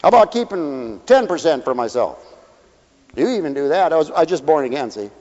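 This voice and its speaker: A man preaching as a pastor, folksy and animated, acting out little voices as he talks. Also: on the high side, a little fast. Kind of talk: sermon. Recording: dull hall recording with long reverb.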